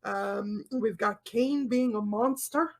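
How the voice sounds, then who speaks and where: A man's voice: high-pitched, slow pace, gravelly. A man co-hosting a casual wrestling review podcast, playful and theatrical, swearing freely. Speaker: podcast co-host.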